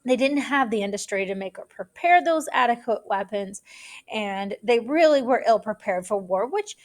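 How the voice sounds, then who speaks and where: Middle-aged woman teacher, high-ish voice, chatty lecture style with fillers and asides. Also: expressive, moderate pace. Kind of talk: recorded history lecture.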